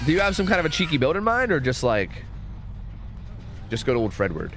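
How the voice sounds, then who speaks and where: A man's voice: on the high side, huge pitch swings, brisk, a bit bright, slight background noise. A young American man chatting casually and profanely while streaming a game, reading chat aloud.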